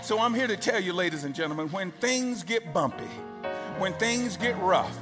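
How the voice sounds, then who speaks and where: A man's voice: high-pitched, measured pace, in a large hall, music in the background. A man preaching a sermon as pastor, emphatic and rhythmic, building through repeated phrases.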